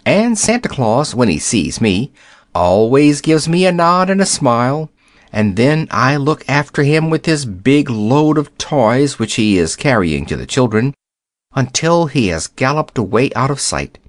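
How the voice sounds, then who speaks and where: A man voicing a shy, gentle male rabbit who grows chatty as he talks. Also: mid-range voice, very animated, a little slow, no echo, studio quality.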